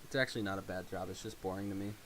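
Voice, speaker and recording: A young man with a fairly low voice hosts a loose, jokey podcast. He laughs a lot between lines and reads headlines out in a plain, offhand way. A faint hiss sits under the recording. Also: fairly even intonation, rapid-fire. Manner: joking, laughs often, reads news headlines aloud. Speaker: podcast host. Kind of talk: casual chat.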